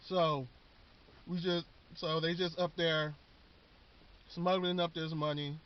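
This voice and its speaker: A man's voice: a little high, level tone, measured pace, clean tone. A man casually recapping a TV show in a rambling, slangy way, often repeating words. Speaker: vlogger. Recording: dull lo-fi recording.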